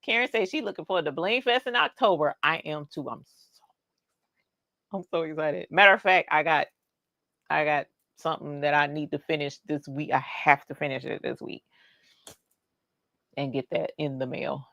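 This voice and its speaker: A woman's voice: low voice, normal speed, vocal fry, pauses often, fairly bright tone, no echo, studio quality. A woman hosting a casual livestream, reading the chat out and cheering for her viewers. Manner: bubbly, squeals and cheers at viewers.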